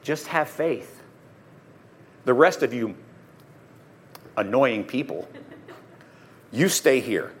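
A man voicing Jesus as a calm, tender figure who speaks gently and quietly. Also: mid-range voice, slow pace, long pauses, voice pushed down. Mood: firm.

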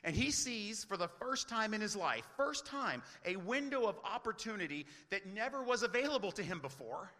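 A man's voice: sits high, sing-song, normal speed, few pauses, bright, forceful tone, big-room sound. A man preaching a sermon as pastor, earnest, often asking rhetorical questions.

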